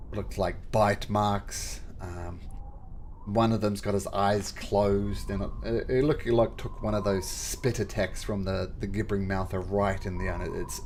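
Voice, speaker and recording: Halting man running a tabletop game. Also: fairly low pitch, darkish tone, a little hiss or hum. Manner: halting, with many fillers. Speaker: game master.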